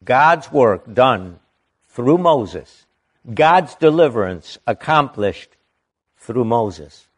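A man preaching from the Bible, reading verses slowly and deliberately and stopping to add emphatic comments of his own. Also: mid-range voice.

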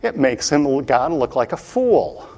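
A man giving an earnest sermon as a Bible teacher, repeating points and often pausing on "uh". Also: medium pitch, sing-song, a little mellow. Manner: earnest, repetitive, many "uh" fillers.

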